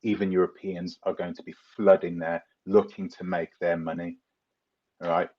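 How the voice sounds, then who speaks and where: A man's voice: low-pitched, little pitch movement, moderate pace, lo-fi sound. Chatty London man hosting a livestream. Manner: chatty, rambling, laughs often, addresses viewers by name. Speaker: live stream host. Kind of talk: live Q&A reading viewer comments.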